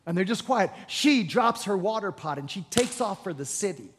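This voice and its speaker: Brief: lively, high-voiced male pastor, conversational sermon. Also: normal speed, in a large hall, slight background noise. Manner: animated storytelling, conversational.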